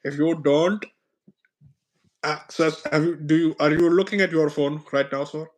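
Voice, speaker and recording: A man's voice: on the high side, steady tone, moderate pace, close to an everyday voice. A man playing a pushy, overly polite male phone scammer who pleads and keeps saying sir, in an improvised comedic phone role-play. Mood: wheedling.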